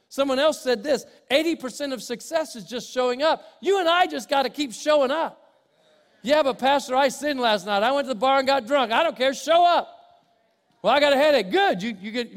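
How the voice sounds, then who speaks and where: Older male pastor, high voice, sermon delivery that shifts between loud preaching and soft asides. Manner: swings from loud preaching to quiet, conversational asides. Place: church sanctuary with congregation. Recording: long hall reverb.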